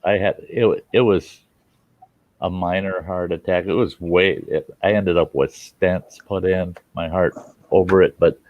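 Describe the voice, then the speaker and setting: A man's voice: sits low, dry recording, narrow, tinny audio. An older American man hosting a casual chat, telling a rambling personal story frankly, with swearing and acted-out quotes. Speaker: host.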